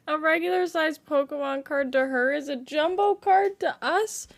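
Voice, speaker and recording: Very high-voiced giggly woman streamer. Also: darkish tone. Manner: giggly, laughs constantly through her words. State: laughing to tears. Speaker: game streamer. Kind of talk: casual live-stream chat, reading viewer comments aloud. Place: home streaming setup.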